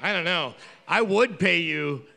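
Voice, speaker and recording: A man's voice: sits high, lively intonation, measured pace, vocal fry, sharp tone. A man co-hosting a trivia quiz with sarcastic banter and comic tangents. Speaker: trivia co-host. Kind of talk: casual banter.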